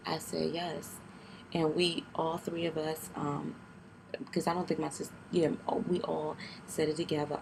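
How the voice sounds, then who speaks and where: In a low, gravelly voice with little pitch movement, a young woman tells her camera a painful personal story. She keeps her voice down, speaks haltingly through tears, and restarts frequently as clear noise runs underneath.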